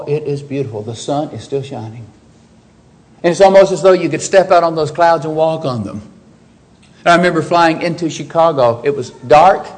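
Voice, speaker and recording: A man preaching in an expressive sermon style. His voice sits a little higher than most men's and climbs sharply when he quotes the people in the text. He drops low and quiet to make a point land. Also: low-quality recording. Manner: expressive preaching, voicing biblical speakers with rises in pitch. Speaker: pastor.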